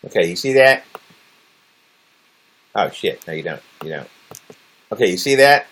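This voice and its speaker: A man's voice: low voice, lively intonation, measured pace, a bit bright. A man chatting casually on a livestream, rambling and jokey, swearing a lot and laughing often.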